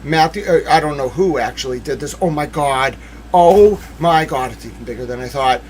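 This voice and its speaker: A young man hosting a true-crime livestream, reading court papers aloud and swinging from hushed muttering to outbursts of shouting. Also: mid-range voice, fairly quick, low-quality recording. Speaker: livestream host.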